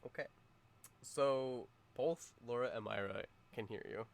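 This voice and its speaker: A man running a tabletop game as game master, playful and quick with rulings, laughing often. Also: mid-range voice, creaky. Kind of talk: narrating a tabletop game live.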